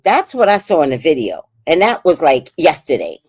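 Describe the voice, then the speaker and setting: Outspoken low-voiced New York woman. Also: normal speed, hardly any pauses, husky. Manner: outspoken, animated, swears freely. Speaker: livestream commentator. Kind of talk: casual livestream commentary.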